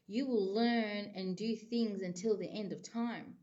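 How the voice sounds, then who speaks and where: A woman's voice: mid-range voice, fairly even intonation, unhurried, mellow, highs cut off. A woman, a psychic giving a casual tarot reading to camera in a rambling, chatty way full of filler phrases.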